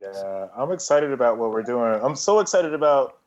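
A man sits in as a podcast guest, talking in a relaxed, easygoing way at a middling pitch. He pauses with small fillers and settles into a casual conversational rhythm. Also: highs cut off, slight background noise. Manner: laid-back, easygoing, pauses with "uh". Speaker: podcast guest, community ride organizer. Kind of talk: casual interview chat.

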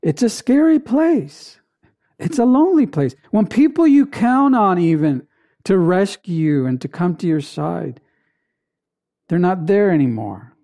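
A preacher delivering a sermon in an emphatic way, with dramatic pauses and repeated phrases. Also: mid-range voice, very animated, warm tone.

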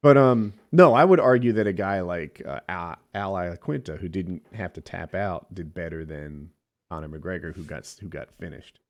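A man's voice: deep voice, moderate pace. A man co-hosting a casual sports talk show, rambling with restarts and filler words. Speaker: podcast co-host.

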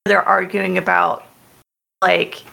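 Woman tabletop player, gravelly voice, bright tense tone, deadpan. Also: fairly low pitch, slow. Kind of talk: casual tabletop role-play.

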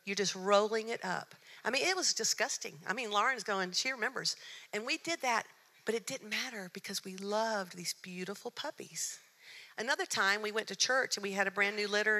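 A middle-aged woman speaking at a church, telling personal stories, moving between hushed tones and excited bursts. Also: medium pitch. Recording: long hall reverb.

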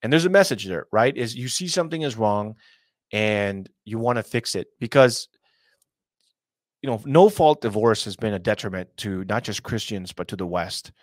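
A man's voice: lowish voice, moderate pace, dry recording, studio quality. A young adult man hosting a casual commentary show, talking in a rambling, earnest way with many fillers and asides. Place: small hot room at home.

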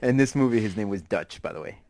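A man co-hosting a casual movie podcast, rambling and jokey with halting restarts. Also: lowish voice, animated, darkish tone, no room sound. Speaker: podcast co-host. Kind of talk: casual chat about movies.

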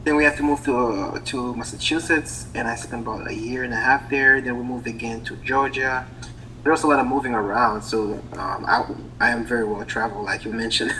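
A young man from Haiti speaks with a Haitian accent in a relaxed interview. His voice is bright, and he often pauses to think and restarts his sentences. A faint hiss sits under the recording. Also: medium pitch, poor audio. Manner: hesitant, many ums and restarts. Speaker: guest. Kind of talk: casual interview.

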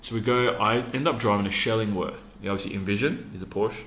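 An Australian man with a low, deep voice, earnest and hesitant, peppering his story with ums. The room is echoey, with a faint hum underneath. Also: quick pace, a bit bright. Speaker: interview guest, youth program founder. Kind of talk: casual storytelling in an interview.

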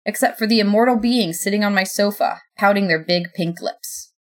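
A young adult woman reading a first-person story aloud in a sardonic, lively way. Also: medium pitch, normal speed. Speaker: narrator.

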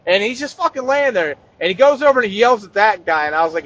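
Male comic, high lively voice, rambling and profane. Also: quick pace, hardly any pauses, dull audio. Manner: rambling, profane, deadpan asides. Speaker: comedian. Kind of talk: comic rant.

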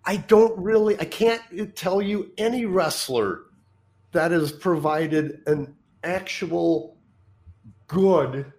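Slow-talking candid man, casual chat. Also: sits high, a little mellow. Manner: candid, hesitant restarts, laughs easily. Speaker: co-host and former wrestler.

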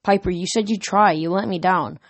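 A woman's voice: fairly low pitch, fairly quick, dry recording. A woman reading the part of a worn-down middle-aged father who sounds tired and resigned, in a dry close recording. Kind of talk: audiobook character reading.

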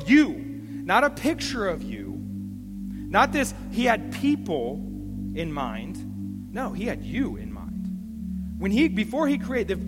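A man preaching in a church sanctuary, his voice sitting high for a man. He exhorts the congregation with repeated phrases and call-and-response, and the hall rings with long reverb while music plays clearly behind him. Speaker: pastor. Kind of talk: sermon.

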